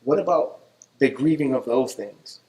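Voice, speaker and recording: A man's voice: mid-range voice, animated, moderate pace, mellow, poor audio. A man leading a group discussion with thoughtful, probing questions and frequent fillers.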